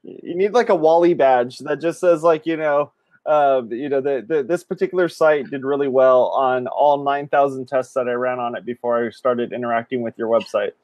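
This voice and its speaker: A man's voice: medium pitch, normal speed, darkish tone, dry recording. A man co-hosting a podcast, teasing his guest with jokes in casual chat. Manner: joking, teasing.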